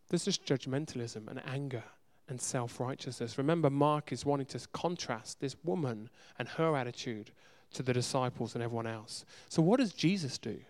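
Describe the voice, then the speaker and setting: A man's voice: mid-range voice, darkish tone. A man preaching a sermon with emphasis, firing off rhetorical questions and repeating words for stress. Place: church in a city.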